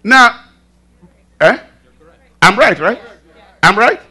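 Animated high-voiced male preacher. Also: slow. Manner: animated, calls to the congregation, rhetorical questions. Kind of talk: sermon.

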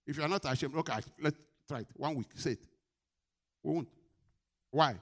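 A man preaches a sermon at a normal speed in a slightly high voice. He poses questions to the congregation and answers them himself, swinging between loud and quiet.

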